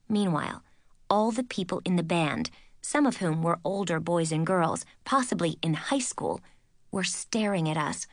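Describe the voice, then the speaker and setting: Expressive woman reading an audiobook. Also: on the low side, moderate pace, no echo, clean studio sound. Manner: lively, expressive storytelling. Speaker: audiobook narrator. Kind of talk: first-person audiobook narration.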